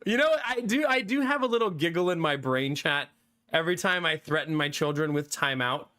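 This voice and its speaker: A man in his thirties talks casually with viewers while streaming a game, reading from the live chat. His fairly high voice is smooth and expressive, with a sharp tone and a brisk pace. Laughter and free swearing fill his talk.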